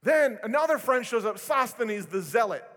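A male pastor preaching a sermon, telling stories with animated delivery and self-deprecating humor. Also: very high-pitched, moderate pace. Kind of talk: sermon with storytelling. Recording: long reverb of a large hall.

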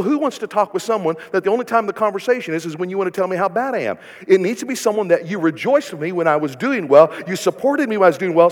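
Male pastor, high-pitched, preaching in a reverberant hall; call-and-response, big dynamic swings. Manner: call-and-response preaching, rhetorical questions, swings between loud and hushed. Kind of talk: sermon.

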